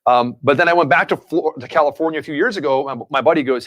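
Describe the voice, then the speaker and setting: A man's voice: fairly high pitch, fast talker, a bit bright. A man hosting a casual live stream, telling long rambling anecdotes between chat with his co-host. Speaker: livestream show host.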